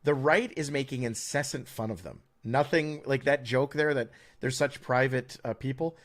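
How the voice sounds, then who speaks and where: A man's voice: mid-range voice, normal speed, fairly bright tone. A man co-hosting a podcast, in rambling, opinionated chat with many stammered restarts and a sarcastic edge. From United States. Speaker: podcast co-host.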